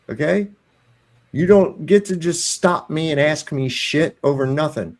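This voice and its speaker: A man's voice: on the high side, a little slow. A man commenting on a panel in a blunt, heated way, swearing freely. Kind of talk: casual panel discussion.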